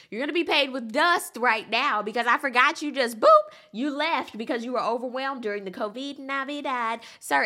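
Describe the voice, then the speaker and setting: A woman with a bright, fairly high voice gives a sassy, casual recap of a reality show. Her pitch swings widely as she throws in emphatic asides to whoever is watching.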